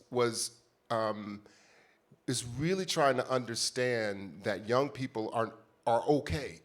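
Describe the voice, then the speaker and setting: A man in his fifties from the United States, telling a heartfelt personal story as a conference panelist and speaking directly to the audience. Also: mid-range voice.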